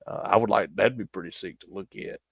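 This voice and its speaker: A man's voice: low voice, a little fast, gravelly, fairly bright tone, breathy edge, no room sound. A young man, rambling through stories in casual chat on a stream. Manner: rambling storytelling with frequent laughter.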